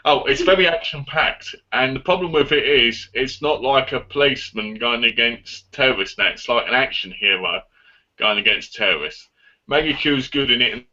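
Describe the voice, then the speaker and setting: Male guest, excitable rambling talker, bright voice, lo-fi call sound. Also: mid-range voice, normal speed. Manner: excitable, rambling movie talk. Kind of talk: casual live chat.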